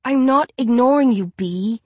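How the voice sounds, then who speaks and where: A small, nervous boy, timid and sighing as he tries to dodge a confrontation, acted by a woman reading a storybook. Slightly higher than her plain voice, dry and close. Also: unhurried, darkish tone, no room sound.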